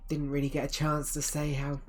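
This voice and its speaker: A man voicing a gentle aging halfling storyteller devoted to his goddess, speaking in a soft, halting, formal way during a tabletop role-play. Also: fairly high pitch, completely flat delivery, close to an everyday voice. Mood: anxious.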